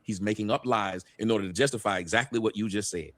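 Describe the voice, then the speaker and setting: A man talking fast on a casual panel show, arguing his side with a lot of swearing. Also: fairly low pitch, fairly bright tone, dry recording.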